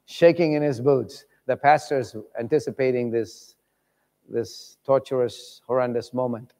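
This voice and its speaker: A man preaching a sermon, telling stories with lively voices for the people in them. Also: mid-range voice, measured pace. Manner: animated, acts out voices in stories. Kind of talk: sermon storytelling. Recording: long reverb of a large hall.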